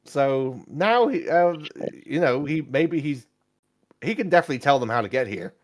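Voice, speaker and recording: A man voicing an excitable male friend of the adventuring party, who talks eagerly but falters with fillers. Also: medium pitch, moderate pace, voice pushed up, close to an everyday voice. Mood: rattled.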